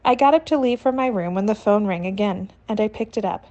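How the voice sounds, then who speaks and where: A woman's voice: medium pitch, a little fast, mellow, highs cut off. Woman reading a novel aloud. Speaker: narrator. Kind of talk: audiobook narration of a novel.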